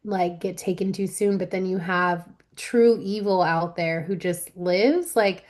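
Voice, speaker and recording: A woman's voice: fairly low pitch, a little slow, darkish tone. A woman co-hosting a podcast in casual chat, earnest and full of fillers. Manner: earnest, lots of likes and fillers. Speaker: podcast co-host.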